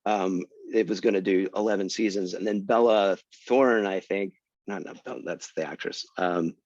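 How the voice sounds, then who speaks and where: Animated self-mocking male author, muffled call audio. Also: normal speed, dry recording. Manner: animated, self-deprecating, jumps in pitch for emphasis. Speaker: guest author. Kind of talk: casual storytelling talk. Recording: dry, muffled lo-fi.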